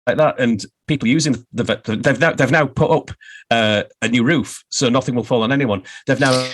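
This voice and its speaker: A man's voice: mid-range voice, normal speed, a bit bright, a little hiss or hum. A middle-aged Englishman, a guest author, telling wry, self-deprecating stories in a casual interview.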